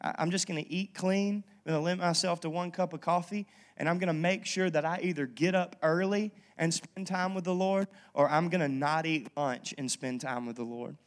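A man preaching a sermon as pastor, talking in a casual, lively storytelling way and checking in with the congregation. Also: fairly high pitch, a little fast. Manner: conversational, lively storytelling with frequent "okay?" asides. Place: church.

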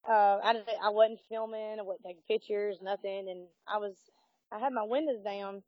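A woman with a drawl recounts a spooky night at a cemetery in a casual, animated way, laughing and putting on voices for what others said. Her voice sits a touch high, recorded dry and close, with a dull, muffled sound. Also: no echo. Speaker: guest telling a ghost story. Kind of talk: casual storytelling.

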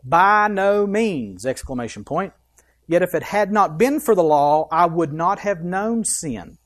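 A pastor preaching a sermon, reading scripture aloud with emphasis and breaking off for quick asides. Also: medium pitch, lively intonation.

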